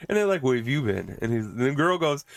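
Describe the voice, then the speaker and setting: Animated man recapping a movie, laughing. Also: medium pitch, a little fast, creaky, no echo. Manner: animated, laughing often, swearing, acting out lines from scenes. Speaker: podcast host reviewing a movie.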